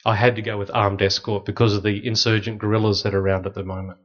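A middle-aged man, a priest, telling lively stories with dry humor to an audience. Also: on the low side, fast talker. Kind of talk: storytelling talk to an audience. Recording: slightly dull lo-fi recording.

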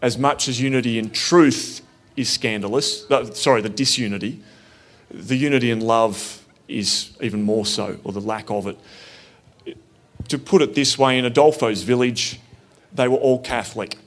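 A man speaks at an ordinary middle pitch, recounting his own story in a plain, earnest way. He sounds reflective and conversational, with easy pauses rather than polish. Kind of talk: personal storytelling talk.

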